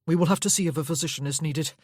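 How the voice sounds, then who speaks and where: A woman reading an audiobook voices a young nobleman who speaks in a soft, hushing, gentle way. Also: low voice, very fast, no room sound, clean studio sound. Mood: urgent. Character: tender young nobleman, low and soothing. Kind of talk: audiobook character voice.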